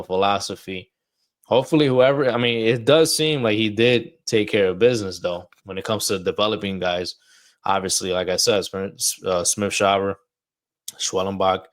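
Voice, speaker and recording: A man hosting a casual baseball podcast, chatty and loose, a little out of breath. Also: lowish voice. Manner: chatty, loose, talks through ad reads like a wrestler promo. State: a bit out of breath. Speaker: podcast host.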